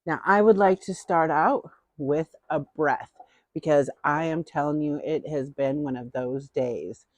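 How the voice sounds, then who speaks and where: A middle-aged woman hosts her own vlog in an unhurried, playful, chatty way, often saying a phrase twice. Her voice sits a bit low for a woman. The sound is dry and close, with no room echo. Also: darkish tone. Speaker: host. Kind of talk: casual haul vlog chat.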